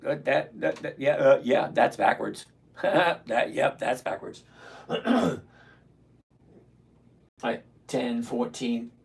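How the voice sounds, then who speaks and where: A man's voice: medium pitch, slow pace, vocal fry, pauses often, breathy edge. A man in his sixties hosting a casual live stream, blunt and ranting, greeting viewers by name. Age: 60s. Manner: blunt, ranting, self-mocking.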